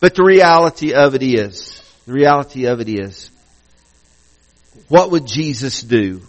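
A man's voice: medium pitch, lively intonation, unhurried, rough recording. A male pastor preaching a sermon in a conversational way, often restarting and repeating phrases.

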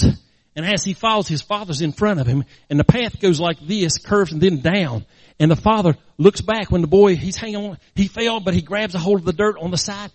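A man's voice: a little high, darkish tone, no echo. A man preaching, telling a story dramatically with emphatic, repeated phrases. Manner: emphatic, repetitive, dramatic narration. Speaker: pastor. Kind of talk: sermon storytelling.

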